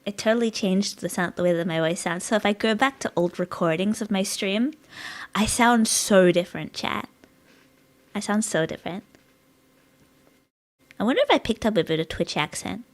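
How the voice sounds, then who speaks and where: A woman's voice: mid-range voice, normal speed, long pauses. A woman streaming live, rambling in casual chat with her viewers and giggling often, her voice a bit strained. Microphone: dynamic studio mic.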